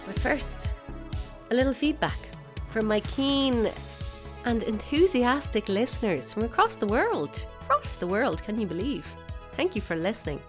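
A woman's voice: on the high side, sing-song, a little slow, over music. A woman with an Irish accent hosting a comedic podcast from her bedroom, wry and mock-indignant. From Ireland. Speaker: podcast host. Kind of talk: scripted comedic podcast monologue. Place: bedroom at home.

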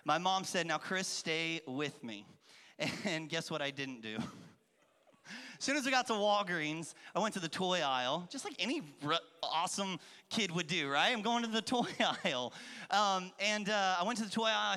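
Kids' pastor, a man with a high, bright, animated voice, booming through a big reverberant hall. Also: normal speed, smooth. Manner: animated, playful, acts out voices and calls to the crowd. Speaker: children's pastor. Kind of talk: lively kids' church sermon with storytelling. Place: large church hall with an audience.

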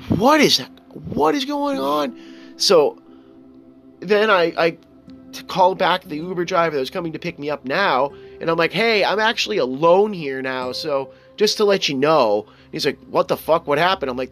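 Young guy, slightly high voice, casual profane storyteller, faint guitar bed. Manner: animated, profane storytelling with quoted asides. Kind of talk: casual anecdote telling.

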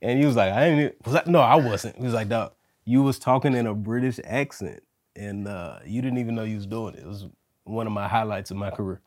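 Low-voiced laid-back male podcast host. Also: brisk, darkish tone, dry recording, clean studio sound. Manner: laid-back, slangy, reflective. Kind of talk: casual chat.

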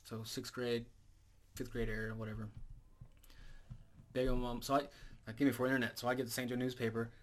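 A man's voice: medium pitch, little pitch movement, brisk, long pauses. A man co-hosting a podcast, telling a rambling, profane story in casual chat. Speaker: podcast co-host.

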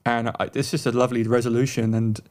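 A man co-hosting a songwriting podcast, giving warm praise of a track in a casual chat, often restarting his sentences. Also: medium pitch, flat delivery. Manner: warm praise, halting starts and repeated words. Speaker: podcast co-host. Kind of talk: casual chat reviewing songs.

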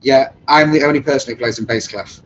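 A man's voice: medium pitch, fairly quick, a bit bright, muffled recording. A man with an English accent, hosting a casual chat and telling stories in a chatty way. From England. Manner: chatty, anecdotal storyteller. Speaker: host, brass band trombonist.

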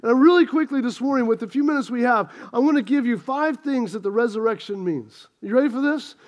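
A middle-aged man with a very high voice preaches a sermon. He talks in a chatty, self-deprecating way and slips into a humorous personal story. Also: a little fast. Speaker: pastor.

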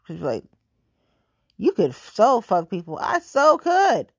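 A woman's voice: medium pitch, wildly swooping pitch, takes it slowly, slightly rough, dry recording, studio quality. A woman venting in a profane, exasperated monologue.

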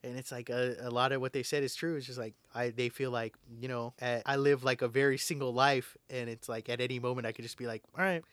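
A man's voice: mid-range voice, flat delivery, fast talker, few pauses, a bit bright, clear, resonant tone, dry recording. A young man co-hosting a casual podcast, profane and rowdy, a bit drunk and laughing often. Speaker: podcast co-host.

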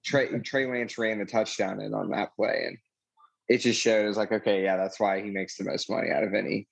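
A man's voice: fairly low pitch, fairly even intonation, normal speed, vocal fry, slightly rough, rough recording. A man co-hosting a casual sports podcast, rambling and full of "you know" fillers.

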